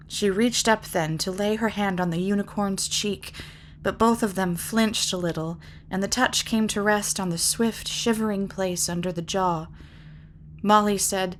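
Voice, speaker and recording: A woman narrates a fantasy novel aloud in a measured, lyrical way. Her voice sits at a mid pitch. A faint hiss of noise runs under it. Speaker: reader. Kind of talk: audiobook narration.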